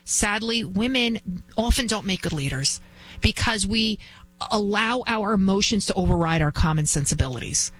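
A woman in her forties hosting a talk radio show, telling a story in an indignant, animated way. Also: medium pitch, moderate pace, low-quality recording. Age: 40s.

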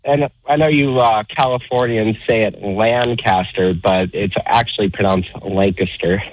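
A man's voice: mid-range voice, moderate pace, low-quality recording. A man from Pennsylvania calling into a talk radio show, bantering with the host. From Pennsylvania, USA. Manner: cheeky, bantering. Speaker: caller. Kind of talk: casual phone-in chat.

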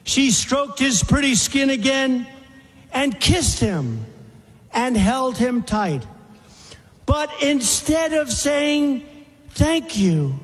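A man addresses a crowd in a slow, emphatic, dramatic recitation, repeating phrases for weight. His voice sits very high for a man. Long reverb from a large hall follows him. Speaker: speaker at a rally. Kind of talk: recited poem in a speech.

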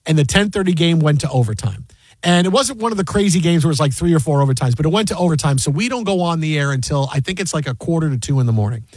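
A man hosting a sports radio show, telling a story in a rambling, animated way with many fillers and restarts, in a studio. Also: on the high side, fast talker, dry recording. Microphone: studio mic.

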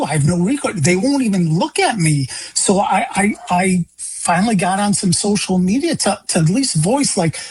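Man from Illinois, very husky voice, indignant, impassioned, news interview guest. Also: high voice, rough recording. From Illinois, USA. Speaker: interview guest, grieving father.

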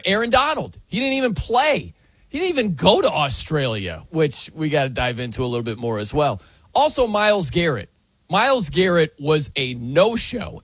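An American man hosts a sports talk show, driving his points with emphatic rhetorical questions. His voice sits high and moves around a lot, with a husky edge. The sound is close and dry. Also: a bit bright, no echo.

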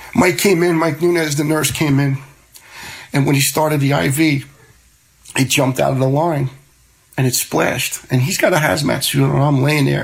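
Middle-aged guy telling his story, plain and chatty, gravelly voice. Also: on the high side, poor audio. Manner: plainspoken, conversational, repeats words as he goes. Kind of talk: personal story told to listeners.

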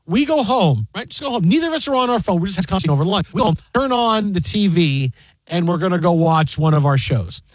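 High-voiced guy rambling on a sports talk show, dry close mic. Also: quick pace, no room sound. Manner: rambling, animated storytelling with mock play-by-play asides. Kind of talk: casual sports talk banter.

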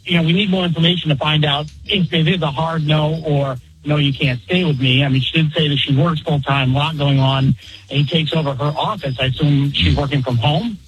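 Guy calling in, kinda high voice, hesitant, thinking it through. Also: steady tone, a little fast, poor audio. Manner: thoughtful, hesitant with fillers. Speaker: caller. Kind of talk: call-in radio talk.

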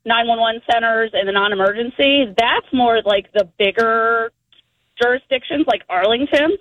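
A woman's voice: on the high side, normal speed, dry recording, narrow, tinny audio. A woman from Virginia with a Virginian accent, calling a radio show as a 911 dispatcher and chatting in an easygoing way.

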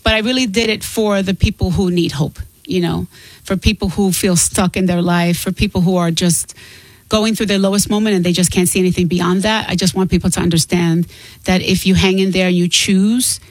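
A woman's voice: lowish voice, fairly even intonation, brisk, dry recording, poor audio. Middle-aged female singer-guest, candid and earnest, dry close sound. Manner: earnest and open, laughs between points. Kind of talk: candid interview talk.

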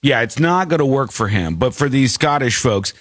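A man's voice: medium pitch, normal speed, no echo, clean studio sound. An American man hosting a show, riffing casually on news clips and mimicking the people in them. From United States. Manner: animated, mock-quotes people in put-on voices. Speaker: show host.

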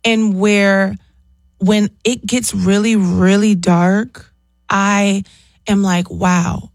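Animated woman telling stories. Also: mid-range voice, extremely slow, dry recording, clean studio sound. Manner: animated storyteller, acts out voices. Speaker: guest. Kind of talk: casual interview chat.

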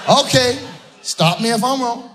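A man doing a stand-up comedy set, exasperated, shouting his punchlines and laughing through them. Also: very high voice, unhurried. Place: comedy club stage. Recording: live club audio with crowd noise. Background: audience laughter.

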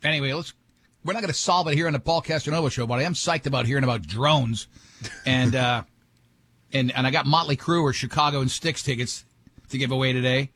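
Guy hosting morning radio, kinda husky, rambles and jokes around. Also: mid-range voice, fairly quick, a bit bright, no echo. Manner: rambling, jokey, restarts sentences. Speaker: radio show host. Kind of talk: casual morning radio banter.

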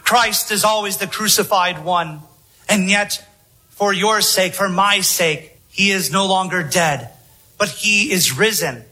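High-voiced, slow, solemn male preacher. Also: sharp tone, low-quality recording. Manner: solemn, emphatic preaching with long pauses. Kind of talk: sermon.

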